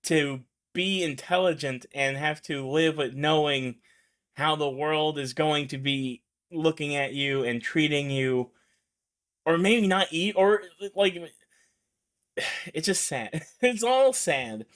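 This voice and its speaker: In casual film commentary, a show host rambles, laughs a lot, and fills his talk with fillers and restarts. He speaks slowly, his voice on the high side with a fairly bright tone.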